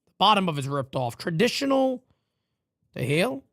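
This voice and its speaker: A man hosts a live fan broadcast of a baseball game and wanders off on profane tangents. His pitch jumps up and down constantly as he talks. The sound is dry and close to the mic. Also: moderate pace, dry recording. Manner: animated, rambling, swears casually. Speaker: livestream host. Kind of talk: live fan play-by-play commentary.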